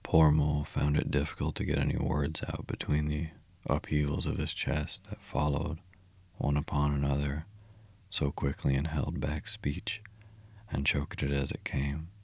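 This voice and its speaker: Deep monotone male storyteller. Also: unhurried, gravelly, slightly rough, no echo. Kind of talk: reading a children's classic aloud.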